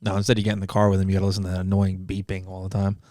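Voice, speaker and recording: A man's voice: sits low, completely flat delivery, rapid-fire, a little mellow, no echo, studio quality. A man joining a casual movie review podcast as a guest, cracking jokes and asking teasing questions.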